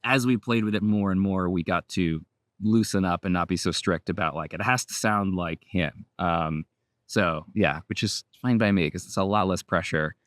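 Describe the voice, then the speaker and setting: Voice actor guy in his 30s, chill and rambly, kinda low voice, dry sound. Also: moderate pace, no echo. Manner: relaxed, rambling, laughs often. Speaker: voice actor guest. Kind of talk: casual interview chat.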